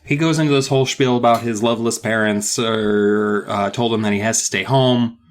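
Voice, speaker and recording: A man co-hosting a comedy podcast, recapping a kids' horror book in casual chat and jumping into loud character voices. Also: fairly low pitch, fairly even intonation, moderate pace. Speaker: podcast co-host.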